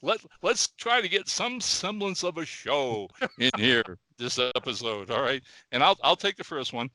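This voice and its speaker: An older man from the Midwest co-hosting a casual podcast, animated, repeating words and often checking in with "okay?" and "all right?". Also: medium pitch, moderate pace, no echo. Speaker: podcast co-host.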